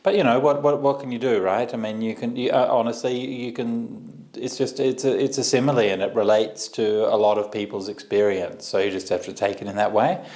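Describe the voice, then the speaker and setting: A man teaching meditation on a video call, answering questions in a gentle, reassuring way with frequent restarts. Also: mid-range voice, fairly even intonation, fairly quick, few pauses.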